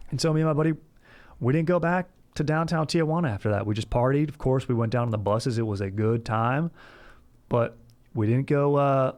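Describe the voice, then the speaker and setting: A man's voice: medium pitch, a little mellow. A young man spins a long, loose story as a podcast host. His delivery is casual and rambling. He leans on "dude" and "like" from one sentence to the next. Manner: rambling and laid-back, saying "dude" constantly.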